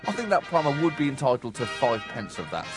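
A man's voice: medium pitch, sing-song, fast, loud music behind the voice. A man co-hosting a comedy podcast, riffing with wry, mock-indignant satire.

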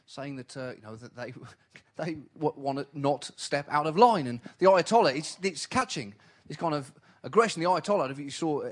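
A man doing comedy, talking in a mock-earnest, rambling way and laughing often. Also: fairly high pitch. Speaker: comedy double act partner. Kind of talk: improvised comic banter.

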